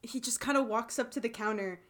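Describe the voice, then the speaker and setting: A woman's voice: fairly high pitch, fairly quick. A young woman co-hosting a podcast, chatting casually and laughing often as she recaps episodes. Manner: animated, laughs often, acts out quotes. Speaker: podcast co-host. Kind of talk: casual chat recapping a TV drama.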